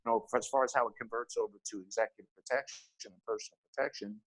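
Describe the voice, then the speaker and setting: A man's voice: mid-range voice, steady tone, very fast, background noise. A middle-aged man, a former nightclub head of security, telling stories in a casual podcast chat and acting out the dialogue he quotes.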